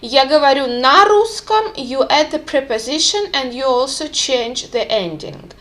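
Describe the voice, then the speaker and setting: Woman teaching vocab, high voice, really slow and careful. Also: lively intonation, fairly bright tone. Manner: careful, clear pronunciation with repeated examples. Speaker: language teacher.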